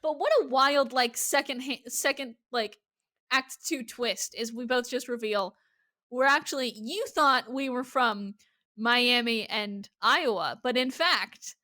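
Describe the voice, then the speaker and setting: A woman's voice: on the high side, measured pace, bright, forceful tone. A woman with a Midwestern American accent, co-hosting a podcast in casual chat, playful and giggly, laughing often. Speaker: podcast co-host.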